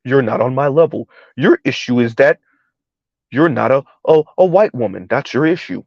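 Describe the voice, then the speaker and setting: A man voicing a haughty posh man who talks down to others, in a stiff formal voice pitched well below his own. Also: animated, moderate pace, gravelly, darkish tone, dry recording, muffled recording. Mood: condescending. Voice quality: low, stiff, formal put-on voice.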